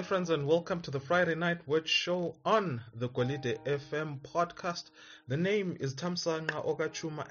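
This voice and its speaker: A man's voice: on the high side, a bit bright. A man hosting a family-life podcast, opening with a formal, friendly greeting, in a muffled recording with faint music. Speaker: podcast host. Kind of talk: scripted podcast intro.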